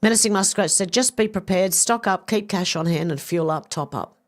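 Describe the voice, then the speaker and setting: A woman's voice: on the low side, normal speed. A middle-aged Australian woman hosting a livestream, reading viewer comments aloud in a chatty, casual way with some swearing. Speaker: livestream host reading chat. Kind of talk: casual chat.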